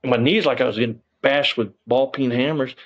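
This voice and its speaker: Man, middle-aged, interview guest, blunt emphatic storytelling, profane, medium pitch. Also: fairly quick, a bit bright. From Texas.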